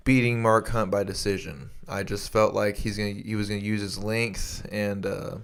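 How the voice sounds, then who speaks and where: A young man with a fairly low voice chats loosely on a podcast. He rambles, restarts his sentences and swears freely as he talks. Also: level tone, moderate pace, clear, resonant tone. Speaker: podcast co-host. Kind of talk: casual chat.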